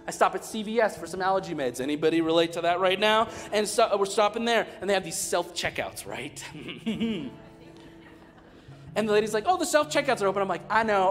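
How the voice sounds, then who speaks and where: Man preaching with big dynamic swings. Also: fairly high pitch. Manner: swings from loud preaching to near whispers; storytelling with humor. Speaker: pastor. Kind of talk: sermon. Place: large church hall. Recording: reverberant church hall with soft guitar.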